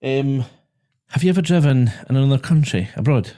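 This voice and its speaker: A Scottish man hosting a podcast in a small studio, chatting casually with a guest. He tells anecdotes in a relaxed, mid-range voice and laughs at his own stories. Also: mid-range voice, a little fast. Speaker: podcast host and driving instructor. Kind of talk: casual chat.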